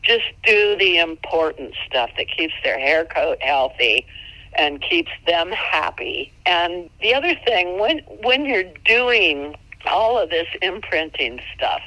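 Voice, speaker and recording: Bright-voiced folksy woman trainer. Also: very animated, slow, dry recording, low-quality recording. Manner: folksy, chatty, laughs often, jumps into high playful tones. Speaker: mule trainer. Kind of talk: casual instructional chat.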